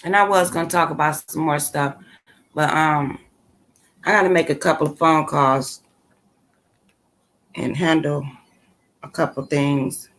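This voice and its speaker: A woman's voice: on the low side, a bit bright. A woman hosting her own channel, chatting casually with her live viewers in a blunt, opinionated and sassy way, full of slang. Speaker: channel host. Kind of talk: casual commentary to a live chat.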